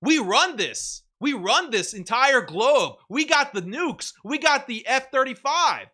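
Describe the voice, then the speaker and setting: A man mockingly voicing a swaggering, boastful male braggart with a loud, slow bark. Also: very high-pitched, sing-song, voice pushed up, full character voice.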